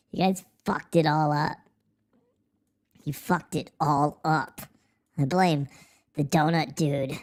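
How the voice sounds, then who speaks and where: A man hosting a livestream, ranting in a profane, sarcastic and rambling way through a voice changer. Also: a little high. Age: adult, married. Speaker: livestream host. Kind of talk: casual livestream chat.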